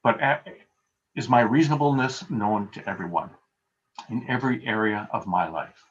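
A man's voice: fairly low pitch, moderate pace. A male pastor giving a conversational sermon over a video call, telling everyday stories with a self-deprecating touch. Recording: dull lo-fi video call audio.

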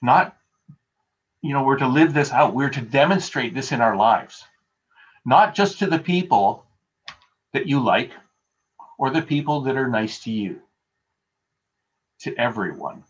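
A man's voice: mid-range voice, lively intonation, a little slow, long pauses. A male pastor giving a conversational sermon over a video call, telling everyday stories with a self-deprecating touch. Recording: dull lo-fi video call audio.

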